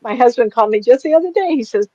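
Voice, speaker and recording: This psychic medium, a woman in her sixties, speaks rapid-fire to a small group with lively intonation and a warm, fairly high voice. She's chatty, rambling and full of laughs, and the recording is dull, lo-fi and dry, with no room sound.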